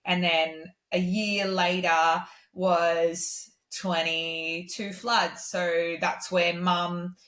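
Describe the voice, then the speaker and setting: A woman's voice: extremely slow, few pauses, roomy sound. An Australian woman, a singer-songwriter, telling stories in a casual podcast interview, with lots of "um" and "like" fillers. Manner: animated, acts out others' lines in a much higher voice; many "um" and "like" fillers.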